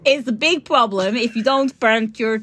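A woman imitating a Dutch male tulip grower, giving slow, careful advice in a put-on Dutch accent. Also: fairly high pitch, a bit bright, no room sound. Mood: reassuring.

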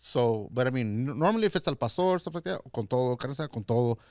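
Fast-talking, swearing man mixing in Spanish. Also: medium pitch, lively intonation, darkish tone, dry recording, studio quality. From Southern California. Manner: fast, profane, slangy, mixes in Spanish. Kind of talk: casual podcast chat.

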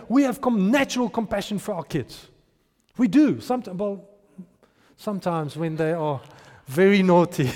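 A man's voice: high-pitched, a little mellow, in a large hall. A man preaching a sermon and acting out the people in his stories. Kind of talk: sermon with storytelling.

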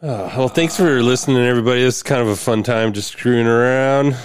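A man's voice: medium pitch, fast talker, slight background noise. A man co-hosting a podcast, talking casually and rambling with fillers. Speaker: podcast co-host. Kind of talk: casual chat.

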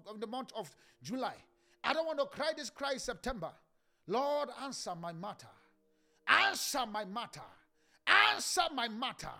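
A man with a very high, gravelly voice leads a fervent prayer sermon, shouting and chanting lines with bursts of speaking in tongues. His pitch swings widely and the tone is bright and forceful. Faint music sits under him. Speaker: pastor.

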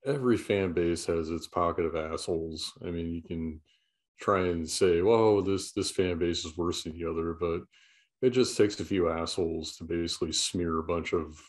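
A man co-hosting a casual sports talk show, giving blunt opinions in a relaxed way. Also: sits low, normal speed. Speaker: podcast co-host.

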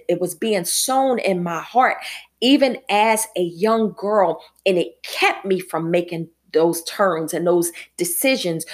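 A middle-aged woman evangelist hosting a devotional podcast, telling personal stories earnestly and building into emphatic preaching. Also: mid-range voice.

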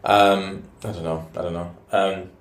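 A young man, telling animated stories in a casual chat and laughing often. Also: deep voice, a little slow. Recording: echoey room.

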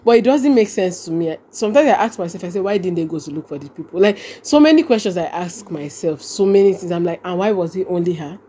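Young Nigerian woman, lively storyteller. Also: fairly low pitch, fast talker, few pauses, breathy edge. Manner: animated, repeats phrases and acts out quoted speech. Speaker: podcast guest. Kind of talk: casual conversational storytelling.

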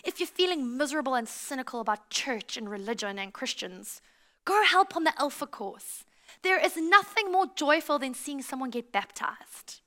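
A South African woman preaching a sermon, telling stories in a lively way and speaking straight to her congregation. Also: high voice. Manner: lively storytelling, addresses the congregation directly.

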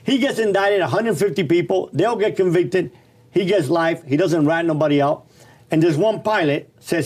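Animated man telling a blunt story. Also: fairly high pitch, normal speed. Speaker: guest telling his life story. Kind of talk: casual storytelling.

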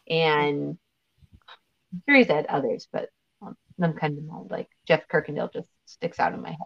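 A woman actress chatting as an interview guest, talking in an animated, storytelling way. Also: low-pitched, fairly quick, gravelly, lo-fi sound. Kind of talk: casual interview chat.

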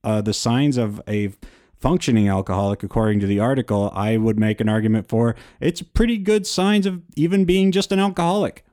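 A man's voice: on the low side, warm tone. A man co-hosting a casual podcast, telling candid, self-deprecating stories with lots of "uh" and "um". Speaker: podcast co-host.

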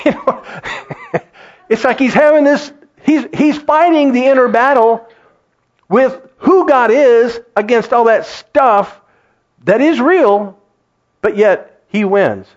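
A man's voice: high voice, measured pace, dull audio. A man preaching a sermon, acting out quoted voices and laughing often. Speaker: pastor.

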